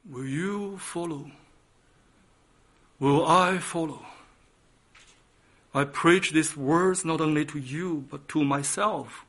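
A male preacher delivers a sermon in an unhurried, measured cadence. His voice sits a little high for a man. He surges to loud, emphatic peaks and then drops to hushed, quiet lines.

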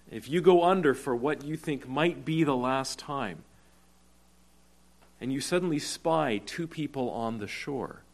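A male preacher delivering a sermon at an unhurried, deliberate pace. His voice sits at an ordinary middle pitch, and he leans hard on key words for emphasis. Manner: deliberate, slowing for emphasis, rising to urgent cries. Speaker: pastor.

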